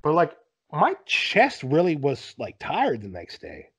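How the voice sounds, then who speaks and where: A man in his thirties tells stories on a podcast in a loose, rambling way. His husky voice sits a bit high and leaps around in pitch. The sound is dry and close. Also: unhurried, dry recording. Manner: rambling, animated storytelling full of "like". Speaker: podcast guest. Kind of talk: casual podcast chat.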